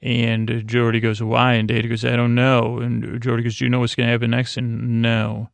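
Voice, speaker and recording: Flat gravelly man rambling sleepily. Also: medium pitch, a little fast, no echo. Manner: rambling retelling with many fillers. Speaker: podcast host. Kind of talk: sleepy episode recap.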